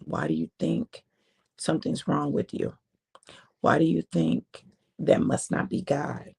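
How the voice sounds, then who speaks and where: A woman preacher telling a sermon story in a conversational way, with drawn-out phrasing and quiet emphasis. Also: low-pitched, creaky, husky.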